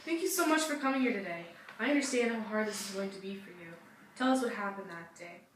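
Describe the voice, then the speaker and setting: A woman's voice: medium pitch, animated, fast, distant mic, close to an everyday voice. Young woman as a talk-show hostess, gushing, sympathetic, echoey room, faint background hum. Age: young adult. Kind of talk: school-project talk-show role-play.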